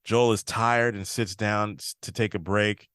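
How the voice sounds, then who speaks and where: A man's voice: fairly low pitch, steady tone, unhurried, a bit bright, clear, resonant tone, no echo, studio quality. A man hosting a podcast, casually recapping a TV episode and quoting the characters' lines as he goes. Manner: retells scenes, quoting characters in a slightly shifted voice. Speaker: podcast host.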